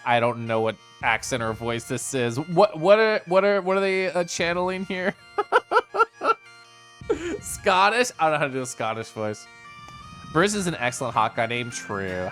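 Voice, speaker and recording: A streamer chatting and giggling through a live game playthrough, reading choices out loud. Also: mid-range voice, very animated, normal speed, soft background music.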